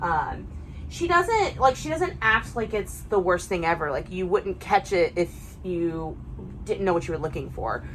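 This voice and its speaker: A young woman works as a dog trainer and talks through each step in a calm, gentle voice. She speaks slowly and keeps her tone soft and even. A faint background hiss sits under her voice. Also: fairly low pitch, low-quality recording. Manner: calm, soft-spoken, gentle praise to the dogs. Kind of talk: training session with spoken explanation.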